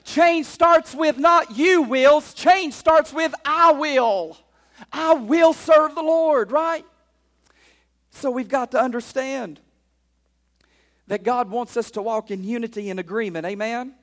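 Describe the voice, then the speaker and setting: A pastor preaching a sermon in a church, drawing call-and-response from the congregation and swinging between loud declarations and quiet asides. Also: male voice, very high voice, slow pace, in a large hall. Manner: call-and-response preaching, frequent "right?" and "amen?".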